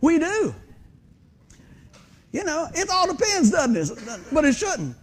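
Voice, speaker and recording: A pastor in his fifties with a very high voice takes it slowly as he preaches a conversational sermon in a church sanctuary under stage lights. He's animated, quizzing the congregation and joking about himself.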